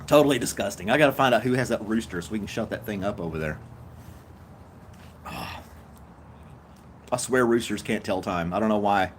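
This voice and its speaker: A man's voice: lowish voice, moderate pace, long pauses, slight background noise. An older man from Tennessee with a Southern accent, hosting a casual live stream, chatting in a laid-back, easygoing way and reading viewer comments aloud with frequent chuckles. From Tennessee, USA.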